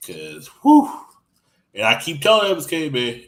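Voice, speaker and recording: A man telling crude stories in casual podcast chat. He rambles with lots of restarts and acts out what others said, swinging loud and soft. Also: fairly high pitch, very animated, normal speed, vocal fry, low-quality recording.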